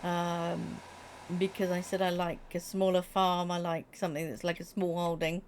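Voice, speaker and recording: A woman's voice: on the low side, moderate pace, slight background noise. Chatty woman live-streaming. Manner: chatty and animated, laughing, talking straight to chat. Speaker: Twitch streamer. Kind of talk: casual live-stream chat with viewers.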